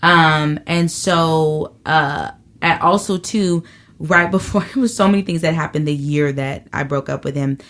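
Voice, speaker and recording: A woman comedian guest in a casual interview, telling stories in an animated, profane way and acting out quotes. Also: low voice, measured pace.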